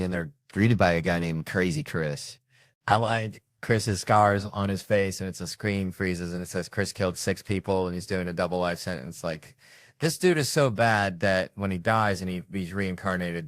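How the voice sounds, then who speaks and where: A man with a Southern US accent telling a profane comic story, acting out the characters with sudden jumps in pitch and loudness. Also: moderate pace, no room sound, clean studio sound. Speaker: comedian storyteller. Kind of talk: casual storytelling.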